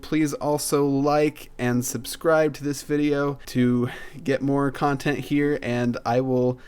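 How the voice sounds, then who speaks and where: A male tech reviewer talking through a gadget in a relaxed, unhurried way. His voice sits at an ordinary middle pitch, and he keeps his delivery measured and plain. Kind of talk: casual product review.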